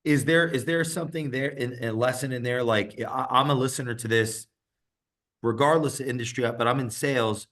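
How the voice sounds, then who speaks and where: A man hosting a podcast interview, reacting briefly and asking halting questions. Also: medium pitch, fairly bright tone. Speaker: podcast host.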